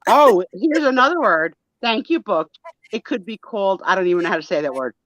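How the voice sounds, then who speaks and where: A woman hosting a live sale and chat, teasing her guests in playful, animated banter over a video call. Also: mid-range voice, a little fast, dry recording, low-quality recording. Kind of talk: casual live-stream chat.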